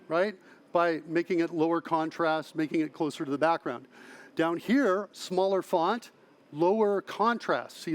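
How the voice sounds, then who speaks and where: High-voiced man giving a lively tech talk. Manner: lively, asks audience "right?" often, self-correcting restarts. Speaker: conference speaker. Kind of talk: technical conference talk. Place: large conference hall.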